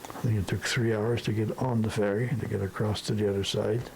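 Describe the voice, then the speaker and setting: Gravelly old man telling stories. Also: lowish voice, flat delivery, fairly quick, a little mellow, a little hiss or hum, rough recording. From Sudetenland. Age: older. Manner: rambling, peppered with tag questions. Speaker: interviewee. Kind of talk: storytelling reminiscence.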